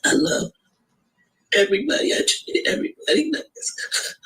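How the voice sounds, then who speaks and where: A middle-aged woman speaks through tears, her voice breaking as she pleads. Her pitch climbs and falls wildly, and she stumbles and repeats herself, halting and raw. It has the feel of a heartfelt personal video appeal. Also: very animated, a bit bright, poor audio. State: tearful, voice breaking. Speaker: grieving mother.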